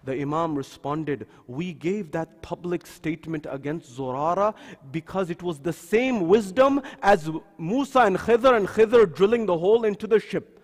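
A man with a high voice gives a religious lecture and moves easily between telling a story and playing its characters. His voice rings with a long reverb through a mosque hall. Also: expressive, normal speed. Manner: storytelling, acting out the quoted figures.

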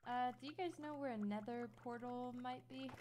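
A woman's voice: a little high, moderate pace, darkish tone. A young woman in a gaming voice chat, hesitant and a bit shy. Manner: hesitant, apologetic, giggly.

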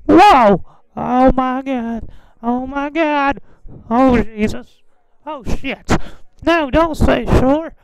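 A man voicing a creepy, leering old man, with high, quavering, drawn-out exclamations. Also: vocal fry, smooth, full character voice, low-quality recording. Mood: scandalized.

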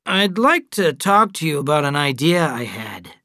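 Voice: mid-range voice, very animated, moderate pace, bright, forceful tone, no room sound, clean studio sound. A reader voicing a grown man who talks eagerly and persuasively.

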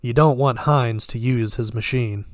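Cold interrogator, slow threats in broken English, read by a man. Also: mid-range voice, dry recording, studio quality, natural voice. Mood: menacing. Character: menacing male military interrogator, calm and cold.

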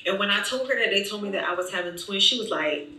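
Bright-voiced young woman telling a story. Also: medium pitch, quick pace. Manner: animated retelling, acting out quoted dialogue. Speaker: vlogger. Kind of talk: storytime vlog. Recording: echoey room, voice distant from mic.

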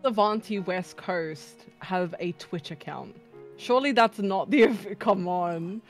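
A woman's voice: mid-range voice, takes it slowly, faint music behind. A young woman from the UK chatting casually on a live stream, reading chat aloud, with sudden shrieks of laughter. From United Kingdom.

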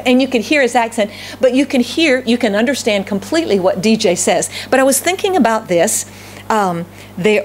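A woman's voice: mid-range voice, darkish tone, a little hiss or hum. A middle-aged woman pastor with a Southern US accent, preaching a sermon and telling stories, often repeating phrases for emphasis. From Southern United States.

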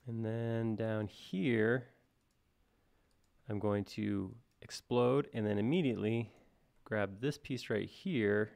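A man with a lowish, gravelly voice walks through a live software tutorial. He thinks aloud as he goes and jokes at his own expense in a relaxed, chatty way. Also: slow pace. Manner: thinks aloud, casual and self-deprecating. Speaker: software instructor. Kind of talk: live-stream modeling tutorial.

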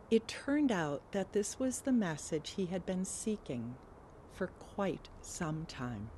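Woman storyteller, slow and earnest, lowish voice, faint hum behind. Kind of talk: live personal storytelling.

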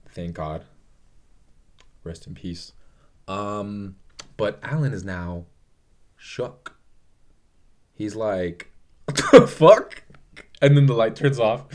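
A young man vlogging a casual, emotional movie review, swearing often and rambling with fillers. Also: on the low side.

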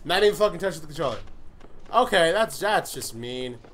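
A young man giving live gameplay commentary, cursing and breaking into loud, frustrated outbursts. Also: fairly high pitch, animated, brisk, background noise. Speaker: gaming commentator.

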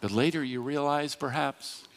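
A man preaching a sermon from a church pulpit, slow and dramatic, swelling into emphatic rises. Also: medium pitch. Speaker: pastor. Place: church sanctuary.

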